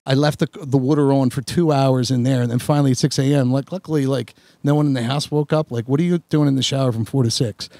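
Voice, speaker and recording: A man on a podcast, telling a long story in a rambling, animated way with many restarts. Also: mid-range voice, quick pace, hardly any pauses, dry recording, studio quality. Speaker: podcast host. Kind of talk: casual storytelling chat.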